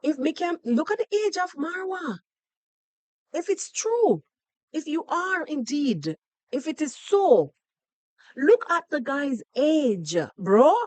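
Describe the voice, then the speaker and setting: A woman's voice: high-pitched, big pitch swings, slow, long pauses, a little mellow. A Jamaican woman hosting a podcast, giving sarcastic, scolding reaction commentary on a video and slipping into patois. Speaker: podcast host.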